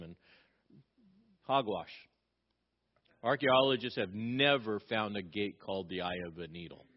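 A man's voice: medium pitch, expressive, moderate pace, long pauses. A middle-aged man preaching a sermon as a pastor, emphatic and repeating his key phrases, with frequent restarts. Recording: dull lo-fi recording.

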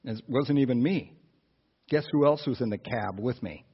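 A man preaching through a personal story, animated, with asides to the listeners. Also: medium pitch, moderate pace, slightly rough. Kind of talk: storytelling sermon. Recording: dull lo-fi sound.

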